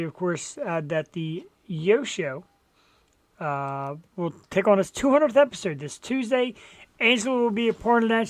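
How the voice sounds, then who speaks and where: A woman's voice: lowish voice, dry recording. A woman hosting a live stream, talking loosely and laughing often. She trails off and restarts mid-thought. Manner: giggly, crude banter, trails off. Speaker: host. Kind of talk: casual live-stream chat.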